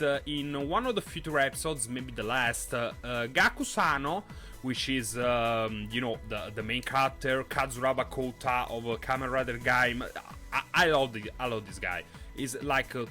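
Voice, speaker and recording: A young man hosting a live solo podcast, talking in an excitable way and often stumbling over and repeating his words. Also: medium pitch. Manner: animated, excitable. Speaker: podcast host.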